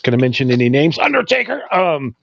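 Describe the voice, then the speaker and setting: A man's voice: on the high side, very animated, fast talker, gravelly, fairly bright tone, dry recording, muffled recording. A man co-hosting a casual chat, joking crudely and drifting into tangents. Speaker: podcast co-host.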